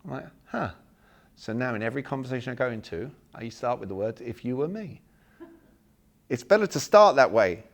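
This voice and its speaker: A man's voice: medium pitch, normal speed, gravelly. A man, leading a live workshop and acting out sample messages for the audience. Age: 40s. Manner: animated, acts out sample messages, jokes with the room. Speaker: workshop speaker. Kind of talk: live seminar talk to an audience.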